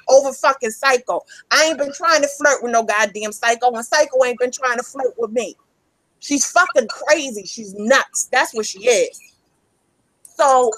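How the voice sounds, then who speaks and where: Heated woman going off, lots of swearing, high voice, dry close sound. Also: fairly bright tone, dry recording, rough recording. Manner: angry, profane, emphatic, repeats herself. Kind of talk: heated ranting.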